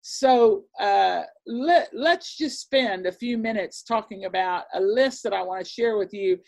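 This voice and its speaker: A woman teaching a Bible lesson in an earnest, excitable sermon style, with many fillers and restarts. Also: medium pitch, a little slow, creaky. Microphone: presentation with on-screen slides.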